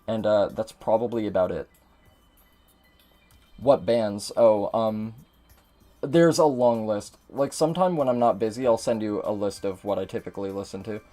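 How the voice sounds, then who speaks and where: A man's voice: on the low side, moderate pace, dark tone, soft background music. A man giving casual gameplay commentary as a streamer, chatty and swearing a lot.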